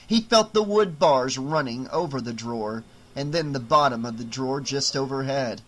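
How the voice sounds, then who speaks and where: A man narrating an unabridged audiobook in a measured, dramatic storytelling way. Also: mid-range voice, a bit bright, slight background noise, low-quality recording.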